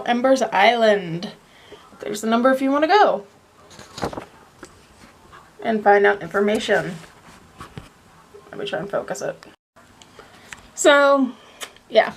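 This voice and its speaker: A woman's voice: fairly high pitch, a bit bright, slight background noise. A young woman chatting casually in a home vlog, rambling and laughing now and then as she talks to a handheld camera. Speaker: vlogger.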